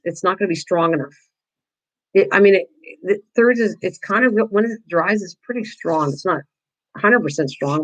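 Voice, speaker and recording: A woman's voice: on the low side, lo-fi sound. An older woman hosting a casual live-stream craft tutorial, chatting with viewers, teasing them and laughing often.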